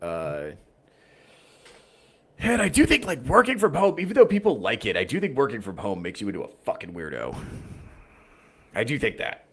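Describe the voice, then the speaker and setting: A man's voice: mid-range voice, huge pitch swings, moderate pace, pauses often, fairly bright tone, breathy edge. A man hosting a casual livestream podcast, rambling through viewer chat in a wry, profane way. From United States. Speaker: podcast host reading chat.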